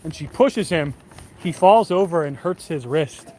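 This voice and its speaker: Young man, casual, profane, rambling, slightly raised pitch, outdoor street, faint traffic. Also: animated, unhurried, warm tone. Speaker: live streamer. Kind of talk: casual chat to stream viewers. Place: city street at night, outdoors.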